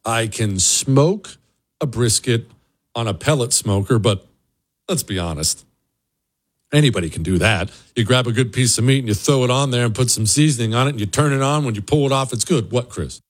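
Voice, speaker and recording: A man's voice: mid-range voice, lively intonation, moderate pace, no echo. A man hosting a radio talk show, giving a blunt, emphatic monologue with sarcastic asides. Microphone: studio microphone.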